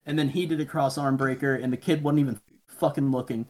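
A podcast guest with a mid-range, darkish voice rambles through profane stories at a brisk clip, his intonation fairly even. In this casual storytelling chat, he acts out the people he quotes in mumbly voices.

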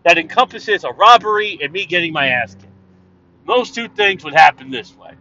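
Loud, lively Canadian man ranting in a car. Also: high voice, moderate pace. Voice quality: loud, profane, rambling. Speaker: vlogger. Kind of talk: rambling casual monologue. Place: driving in a car. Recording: dull lo-fi sound, car noise.

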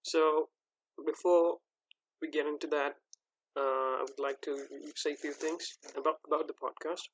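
A man's voice: a little high, flat delivery, moderate pace, fairly bright tone, no echo, rough recording. A man hosting his own movie podcast, talking casually with lots of fillers and restarts. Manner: rambling, hesitant, many fillers and restarts. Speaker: podcast host. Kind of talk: casual solo podcast talk.

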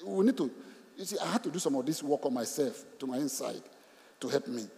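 A pastor preaching a sermon, animated, repeating phrases and putting questions to the congregation. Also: male voice, mid-range voice, brisk, gravelly. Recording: long reverb of a large hall.

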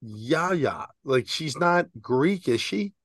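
A man's voice: on the high side, lively intonation, slow pace, no room sound. Guy co-hosting a chat show, poking fun and asking stuff, dry close sound. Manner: curious, teasing questioner. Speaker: podcast co-host. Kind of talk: casual chat.

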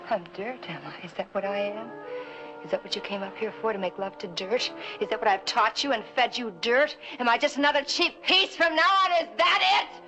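A woman's voice: medium pitch, fairly quick, music in the background, lightly acted, rough recording. An actress playing a volatile stripper in her thirties. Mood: bitter. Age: 30s. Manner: defensive, turning bitter and cutting. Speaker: film actress. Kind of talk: 1960s film drama acting.

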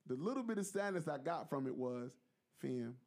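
A man's voice: on the high side, animated, normal speed, a little mellow. A man with a slightly raised voice chatting on a sports podcast. He is easygoing and tells his thoughts like a story. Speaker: podcast co-host. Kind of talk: casual sports chat.

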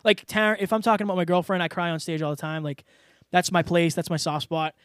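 Earnest high-voiced man, dry sound. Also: fairly even intonation, fast talker, a bit bright, dry recording. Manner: earnest, open, filler-heavy. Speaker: podcast guest. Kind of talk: casual interview talk.

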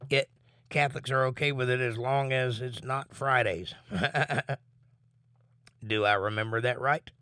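A man teaching a Bible study, reading scripture aloud slowly and emphatically, then breaking in with blunt asides. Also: mid-range voice, fairly even intonation, sharp tone, smooth, no echo, clean studio sound.

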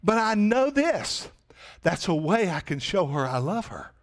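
A man's voice: sits high, big pitch swings, unhurried, creaky. A man pastor preaching a sermon in a conversational way, often asking the congregation rhetorical questions.

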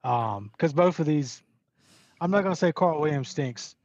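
A man calls into a casual podcast with a slightly high voice and makes his fight picks. He swears freely and keeps changing his mind. His audio is dull and completely dry. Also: expressive, moderate pace, a little mellow, no room sound. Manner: chummy, swears freely, second-guesses himself. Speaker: podcast co-host.

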